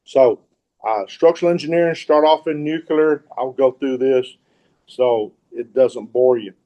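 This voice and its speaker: A man's voice: mid-range voice, a little slow, dull audio. A middle-aged man from Mississippi with a Southern accent, giving a folksy, rambling and informal webinar talk as a guest speaker, often repeating words and restarting sentences. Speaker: guest speaker, real estate investor.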